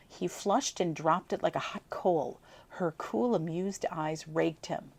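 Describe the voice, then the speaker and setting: A woman from Buffalo, New York, reading an old story aloud with lively, amused asides. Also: on the low side, takes it slowly, gravelly, husky. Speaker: reader of old clippings.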